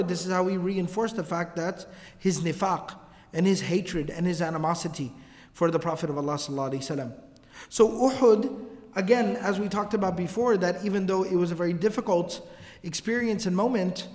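A man teaching a casual religious lecture, his voice pitched high and his words tumbling out quickly. He tells the story with animated energy and drops in slangy, joking asides. A long reverb from a hall trails behind him.

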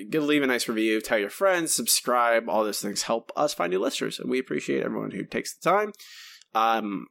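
A man's voice: medium pitch, gravelly, a bit bright. A man co-hosting a comics podcast in casual chat, chatty and laughing often, trailing off when he is unsure. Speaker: podcast co-host.

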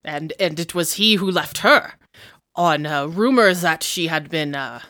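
Woman as a stammering Regency suitor, bright tone, dry close sound, tabletop role-play. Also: low-pitched, measured pace, no echo, voice pushed down. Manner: stammering, hesitant, wry. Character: young male Regency gentleman, calculating fiancé.

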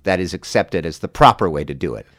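A man in casual conversation about acting and accents, animated and quick to laugh. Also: sits low, dry recording, clean studio sound. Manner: animated, laughs often, mimics voices in passing. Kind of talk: casual chat.

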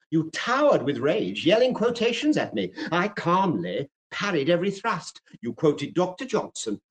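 An actor playing a smooth, mocking fire captain in a vintage radio drama, taunting a younger fireman with quotations. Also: fairly high pitch, rough recording. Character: silky, mocking male fire captain who loves quotations.

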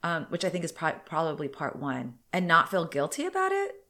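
A woman's voice: sits low, huge pitch swings, a little fast, bright, forceful tone. A woman in her thirties hosting a podcast alone, chatting in a rambling, candid way and sounding a little congested. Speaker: podcast host. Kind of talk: casual solo podcast chat.

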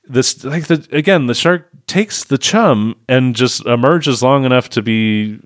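A man co-hosting a podcast, recapping a movie in a sarcastic, animated way. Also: medium pitch, unhurried, no room sound, clean studio sound. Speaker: podcast co-host. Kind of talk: casual movie review chat.

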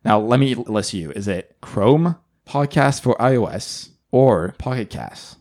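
A man's voice: mid-range voice, lively intonation, measured pace, a little mellow. A man co-hosting a podcast, quizzing his co-host in a casual, playful chat. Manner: quiz-show style, reading out listener stats.

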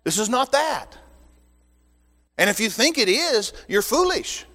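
Older male pastor, high-pitched, animated teaching sermon in a reverberant hall. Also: measured pace. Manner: animated, joking asides to the congregation. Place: church sanctuary. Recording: long reverb in a church hall.

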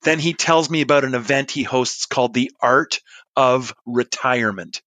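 A man's voice: mid-range voice, normal speed, dry recording. Chatty man in his forties telling a story. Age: 40s. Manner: animated, chatty, acts out quoted dialogue. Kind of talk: storytelling monologue.

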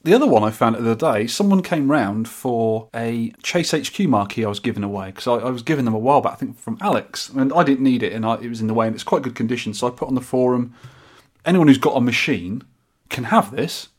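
Husky, chatty man co-hosting a podcast. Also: mid-range voice, animated, quick pace. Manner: chatty, enthusiastic, with restarts. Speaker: podcast co-host. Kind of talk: casual chat.

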